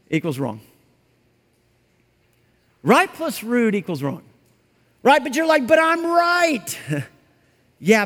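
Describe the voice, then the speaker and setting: High-voiced pastor preaching in a reverberant hall. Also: male voice. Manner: conversational and animated, acting out quotes. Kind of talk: sermon.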